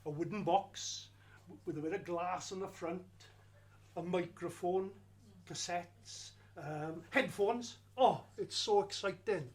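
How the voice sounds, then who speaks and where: A man telling a lively first-person story of his school days, wry and slowing down for emphasis. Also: sits high. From Wales.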